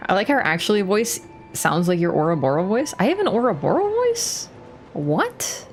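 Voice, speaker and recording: A woman's voice: medium pitch, sing-song, moderate pace, faint music behind. A young woman streaming a game, chatting casually, swearing and laughing often. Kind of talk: casual gaming stream chat.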